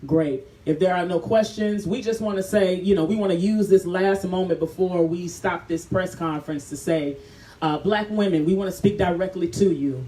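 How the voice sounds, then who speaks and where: A woman's voice: fairly low pitch, moderate pace, warm tone. A woman hosting a press conference outdoors, thanking partners and addressing groups one by one. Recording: echoey distant mic with faint noise.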